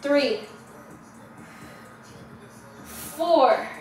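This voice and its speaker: Young woman, high voice, unhurried, out of breath, counting reps, echoey room far from the camera, music behind. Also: darkish tone. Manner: counting reps aloud, swearing and groaning with effort. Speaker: fitness vlogger. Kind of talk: follow-along workout instruction. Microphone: camera at a distance.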